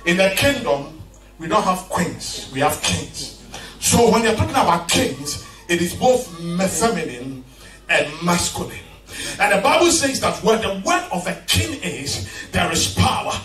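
A man's voice: sits high, very animated, unhurried, a bit bright, faint music behind. A man preaching a sermon in a church, emphatic and leading his congregation in call and response. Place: large church hall. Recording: echoey church hall from a distance.

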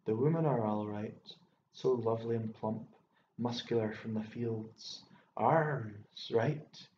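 A man voicing a fussy, excitable elderly bachelor landowner who rambles and exclaims, stammering when worked up, in an audiobook reading. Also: medium pitch, slow, lightly acted. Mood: leering. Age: older. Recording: echoey room, dull lo-fi sound, faint hiss.

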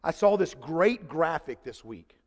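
A man's voice: on the high side, expressive, unhurried, creaky, long reverb tail. A middle-aged man preaching a conversational sermon in a church, chatty and joking, with many restarts. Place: church sanctuary.

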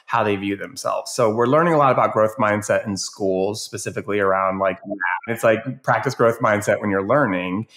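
A man who works as an educator, talking casually as a podcast guest and telling animated stories from his teaching. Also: fairly low pitch, normal speed. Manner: animated storyteller, acts out voices in anecdotes. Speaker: educator and youth advocate guest.

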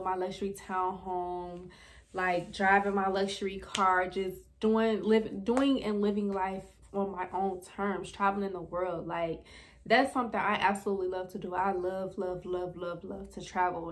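A young woman talks straight to her viewers from home. She is chatty and expressive, with a voice of middling pitch, and she talks into her camera the way she would with friends. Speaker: vlogger. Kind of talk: casual vlog chat.

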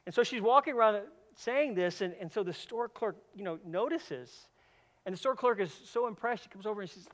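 A man with a high-pitched voice preaching a sermon as a senior pastor. He tells stories earnestly, often repeating a word as he starts a phrase. He moves between loud, emphatic stretches and quiet, hushed passages. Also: expressive, brisk.

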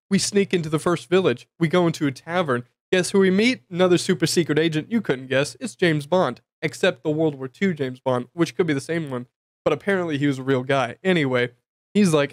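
A fairly high-pitched man talks through a tabletop campaign recap in a loose, joking way. He rambles, corrects himself and fills gaps with ums and uhs. The sound is dry and close. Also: dry recording. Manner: rambling, jokey, many fillers and self-corrections. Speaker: tabletop game player giving a recap. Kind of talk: casual humorous recap.

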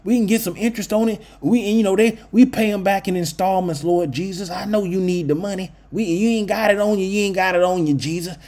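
A man's voice: sits high, fairly even intonation, fast, few pauses, darkish tone. A man voicing a greedy, scheming male temple leader who mocks and plots in slangy, sarcastic talk. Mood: mocking. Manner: sarcastic, slangy, wheedling then plotting.

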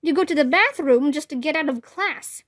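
A woman's voice: high voice, moderate pace, fairly bright tone. A woman reading aloud voices a stern male ghost teacher who lists a boy's misdeeds. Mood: scolding.

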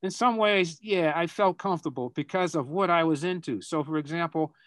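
Older Boston man, halting and reflective. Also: fairly high pitch, fairly bright tone, no room sound. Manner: reflective, halting, repeats words while searching for them. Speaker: guest speaker. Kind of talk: answering students' questions over a video call. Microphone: video call.

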